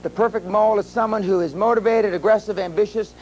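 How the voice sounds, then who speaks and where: A high-pitched older man from the United States addresses a seminar crowd. He tells his stories bluntly and with some profanity. A faint hum runs under the recording. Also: fairly even intonation, fast talker, darkish tone, muffled recording. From USA. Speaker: seminar speaker. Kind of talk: live seminar talk.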